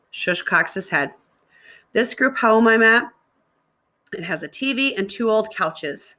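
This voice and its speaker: A woman, a middle school teacher, reading a novel aloud to her students in a steady narrating voice. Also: lowish voice, moderate pace.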